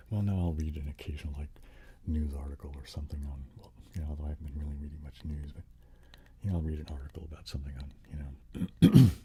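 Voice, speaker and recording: A man hosting a soft-spoken ASMR live stream, chatting casually with viewers and breathing whispered trigger words. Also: extremely low pitch, gravelly, a little hiss or hum. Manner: chatty, answering viewers' comments.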